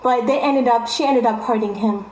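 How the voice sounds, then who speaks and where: Young woman vlogger, high voice, emphatic repeats, echoey room. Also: normal speed, darkish tone. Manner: emphatic, repeats phrases for stress. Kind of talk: casual storytelling to viewers. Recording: roomy echo.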